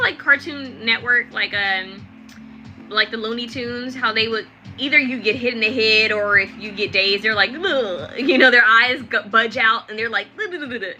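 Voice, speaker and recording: A woman's voice: medium pitch, low-quality recording. A young adult woman giving a chatty, rambling live tarot reading with lots of fillers. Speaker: tarot reader.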